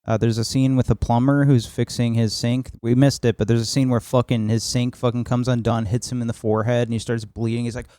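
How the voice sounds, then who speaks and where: A man with a warm, mellow voice walks through film scenes in a rambling, casual style as a podcast co-host, swearing now and then. The recording is dry and close. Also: mid-range voice, level tone, fairly quick, few pauses, no echo. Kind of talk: casual film review chat.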